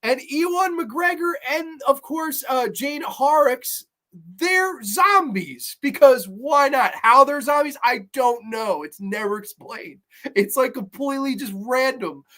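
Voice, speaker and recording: A man casually reviewing a horror series episode, rambling and excitable, swearing freely as he recounts the plot. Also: extremely high pitch, takes it slowly.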